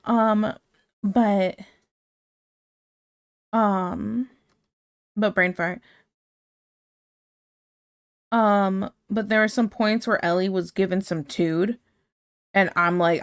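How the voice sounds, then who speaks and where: A woman's voice: medium pitch, lively intonation, unhurried. A woman streaming casually, chatting and laughing as she reads out her chat.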